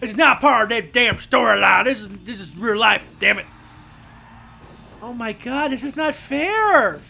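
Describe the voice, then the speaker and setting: A man commentating his wrestling video game play-by-play, shouting in mock outrage and calling out to the audience. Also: extremely high pitch, animated, unhurried, vocal fry, soft background music. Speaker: gameplay commentator.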